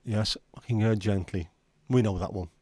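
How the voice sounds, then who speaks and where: With a Scouse accent, a livestream host from Liverpool banters with viewers in a rambling, sweary chat. His voice is on the low side and darkish, at normal speed and with no echo.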